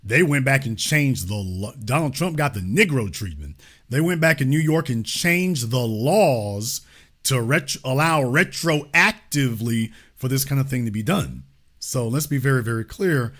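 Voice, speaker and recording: A man's voice: medium pitch, expressive, unhurried, fairly bright tone. A man hosting a political call-in show, speaking emphatically and pressing his caller with pointed questions. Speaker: host.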